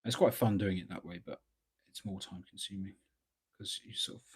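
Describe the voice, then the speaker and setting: Low husky man chatting while painting. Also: moderate pace. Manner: relaxed, rambling, thinking aloud with many fillers. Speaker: miniature painting streamer. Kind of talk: casual live painting commentary. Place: at a hobby desk at home.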